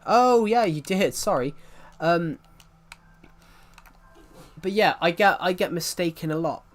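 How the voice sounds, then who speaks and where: A man's voice: sits high, animated, takes it slowly. Rambling young man, English-Welsh accent. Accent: mixed English and Welsh. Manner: rambling, restarts sentences, chats with viewers. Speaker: livestreamer reading chat. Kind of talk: casual live-stream chat.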